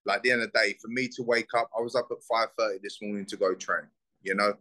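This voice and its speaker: A young bare-knuckle fighter from South East London with a South London accent speaks in a casual interview. His voice is bright and forceful. He talks bluntly, swears freely and gets heated. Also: on the low side, steady tone, fast talker, low-quality recording.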